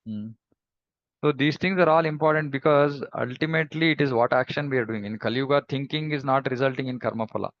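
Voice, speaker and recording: A man giving a devotional scripture class in a reflective, measured way, pausing often and humming between thoughts. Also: mid-range voice, no room sound, lo-fi sound. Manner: reflective, measured, with pauses and hums. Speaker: scripture teacher.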